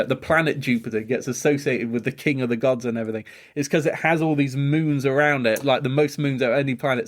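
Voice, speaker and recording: A man co-hosting a casual discussion podcast, explaining in loose, rambling asides. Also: medium pitch. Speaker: podcast co-host.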